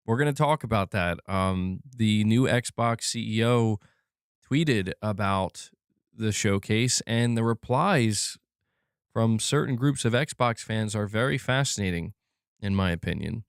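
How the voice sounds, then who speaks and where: Casual low-voiced male livestream host. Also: expressive, a little slow, smooth, dry recording, clean studio sound. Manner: chatty, reads out chat messages.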